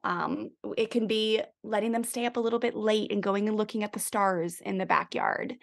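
A woman's voice: medium pitch, moderate pace, vocal fry, few pauses. A middle-aged woman, a parenting guest expert, speaking in a conversational interview and acting out quoted lines to children and a spouse. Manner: animated, acts out quoted lines to kids and spouse.

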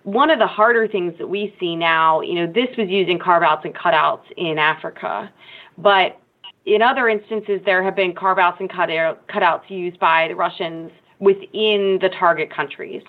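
A woman speaking as a guest expert in a panel discussion, measured and analytical, with frequent ums. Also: fairly low pitch. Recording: tinny phone-like remote line.

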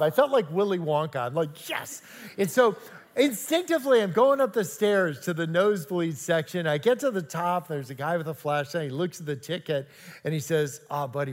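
Older guy preaching in a big church, kinda high voice, lots of reverb, tells funny stories and acts out the lines. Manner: animated, jokey, acts out quoted exchanges. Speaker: guest speaker at a church service. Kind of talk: storytelling sermon. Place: large church sanctuary. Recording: long hall reverb.

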